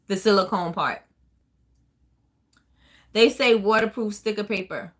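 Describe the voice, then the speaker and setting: A woman's voice: mid-range voice, unhurried. A woman hosting a casual live chat, answering viewer questions in a rambling way with many fillers and restarts. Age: adult with a child. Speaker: host of a small business live chat.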